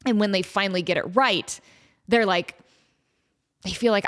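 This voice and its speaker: A woman's voice: mid-range voice, moderate pace. Woman, thirties, podcast host, casual chat, laughing often, rambling with fillers. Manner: chatty, laughing, lots of fillers.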